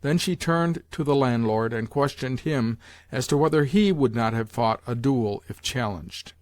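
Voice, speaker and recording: A man narrating a classic novel as an audiobook in a measured, formal reading. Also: mid-range voice, steady tone, smooth, dry recording, clean studio sound. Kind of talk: scripted literary narration.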